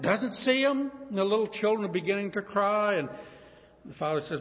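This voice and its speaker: A man's voice: sits high, normal speed. Preacher guy telling a bible story with lots of drama, echoey dull hall recording. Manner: vivid, animated storytelling.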